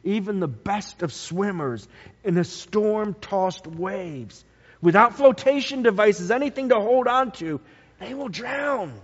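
A high-voiced man preaches slowly and deliberately, swinging between loud and hushed tones. His sermon carries a long hall reverb. The recording sounds dull and lo-fi. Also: expressive, slightly rough.

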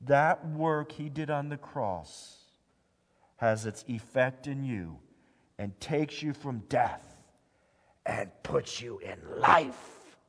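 A man preaching a sermon, swinging between hushed low phrases and loud emphatic lines, drawing out the scripture he quotes. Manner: slow, deliberate delivery with drawn-out scripture quotes. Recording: long hall reverb.

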